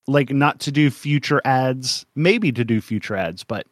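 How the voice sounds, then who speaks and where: Slow, rambling man laughing through podcast chat. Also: mid-range voice, no room sound, clean studio sound. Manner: rambling, laughs often, trails off with fillers. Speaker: podcast co-host.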